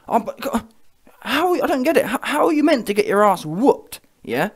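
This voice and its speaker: A man's voice: extremely high pitch, very animated, normal speed, husky. A man giving heated, mocking boxing commentary on his vlog and checking in with viewers as he goes. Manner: heated, mocking, keeps asking the viewer "yeah?". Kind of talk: ranting reaction commentary.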